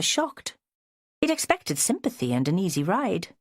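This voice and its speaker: A woman reading an audiobook in measured, expressive scripted narration. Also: medium pitch, dry recording, studio quality.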